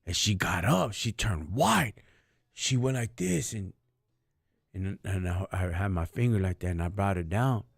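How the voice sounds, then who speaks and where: Hosting a live stream, a man tells stories in casual chat, slangy and street-casual with lots of "dog" and "homie," yet earnest and faith-focused. He has a deep, unhurried voice with lively intonation, vocal fry and a breathy edge. It's studio quality, with no echo.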